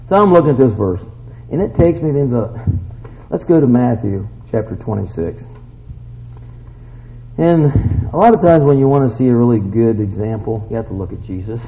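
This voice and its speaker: Man preaching, lively pitch swings between shouts and hushed asides, folksy, dull lo-fi recording. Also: moderate pace, long pauses. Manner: animated, swings from shouted exclamations to quiet asides. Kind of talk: sermon. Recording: dull lo-fi sound.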